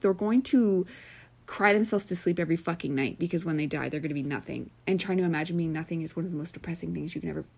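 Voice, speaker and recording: A woman's voice: on the low side, fast talker, gravelly. A woman hosting a podcast, rambling earnestly in a Valley-girl-ish way with lots of "like" and casual swearing. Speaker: podcast host. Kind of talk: casual spiritual monologue.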